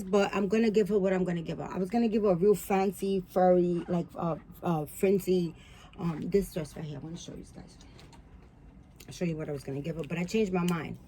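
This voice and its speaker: Woman, casual doll vlog host, profane, rambling, lots of fillers, soft cooing asides. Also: mid-range voice, a little hiss or hum. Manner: coos softly at dolls.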